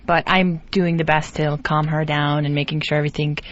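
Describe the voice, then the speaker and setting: A woman's voice: deep voice, flat delivery, fairly quick. Earnest young woman intern on radio. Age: young adult. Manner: earnest, defensive, fillers. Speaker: show intern. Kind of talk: casual radio talk. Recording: dull lo-fi radio broadcast.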